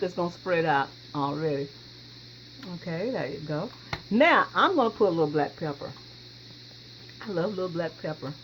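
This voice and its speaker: A woman hosting a home cooking video, chatting folksily to viewers as she works in her kitchen. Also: fairly low pitch. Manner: folksy, chatty, talks straight to viewers with frequent y'all. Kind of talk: casual cooking demonstration. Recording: dull lo-fi sound with steady background noise.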